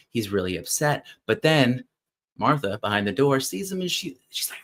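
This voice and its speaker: A man hosting a show, casually retelling a classic story in an animated way and often checking in with listeners. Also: on the high side, normal speed. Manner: thinks aloud with fillers and restarts. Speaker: podcast host.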